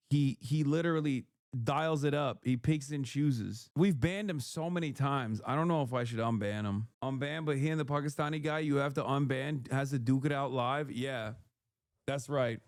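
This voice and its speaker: A man's voice: mid-range voice, dry recording, clean studio sound. A man streaming, heatedly reacting to and reading out chat messages, swearing often. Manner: heated, profane, reads chat messages aloud. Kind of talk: casual livestream rant.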